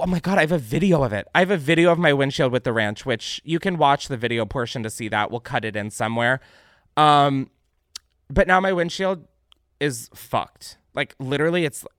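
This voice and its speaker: Animated, swearing young man ranting. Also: mid-range voice, no echo, studio quality. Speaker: vlogger host. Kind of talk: casual ranting monologue.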